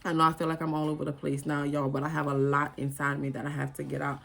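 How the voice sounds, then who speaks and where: A woman's voice: low-pitched, monotone, quick pace, gravelly, fairly bright tone. A woman, talking to her viewers in an earnest, emotional and rambling casual monologue. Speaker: spiritual vlogger.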